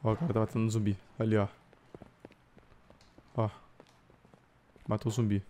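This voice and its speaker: A man with a Brazilian accent giving live gameplay commentary, switching into excited voice-chat calls, loud outbursts and cursing. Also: fairly low pitch, a little fast, a little hiss or hum. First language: Brazilian Portuguese. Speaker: gaming YouTuber.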